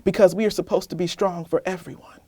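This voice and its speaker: A young woman poet, candid and animated, talking about her reading life in an interview and then reading her poem aloud. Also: fairly low pitch, fast, dry recording. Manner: candid, animated, laughs often. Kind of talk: casual interview chat, then poetry reading.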